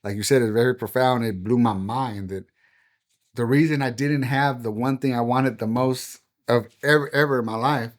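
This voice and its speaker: A man's voice: medium pitch, moderate pace. Earnest middle-aged man telling his story. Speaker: pastor and podcast guest. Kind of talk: personal testimony in a podcast interview.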